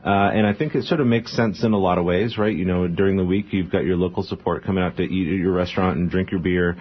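A man's voice: deep voice, steady tone, slightly rough. A man who owns a brewery, guest in a radio interview, talking earnestly with many "uh"s. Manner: fast, filler-heavy, earnest. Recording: dull lo-fi radio sound.

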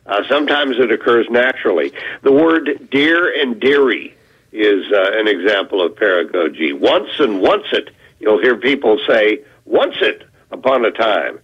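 A man phoning in to a radio show as the word-of-the-day guest, teasing and animated, spelling words out slowly. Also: on the low side, slightly rough, lo-fi sound. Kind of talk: playful phoned-in radio segment.

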